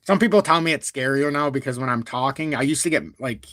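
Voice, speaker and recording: A man hosting a crypto live stream, talking at length in a blunt, calm and even tone while reading out viewer super chats. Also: medium pitch, fast, no room sound, studio quality. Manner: talkative and blunt, reads super chats aloud; calm, even-toned delivery even when annoyed. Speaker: crypto livestream host. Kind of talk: live-stream market commentary.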